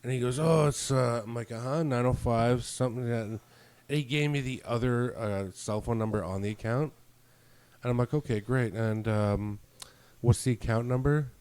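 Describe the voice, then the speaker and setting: A man's voice: mid-range voice, moderate pace, a little mellow, clear, resonant tone. A man on a podcast, telling a story in casual chat, acting out both sides of phone calls and swearing freely. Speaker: podcast co-host.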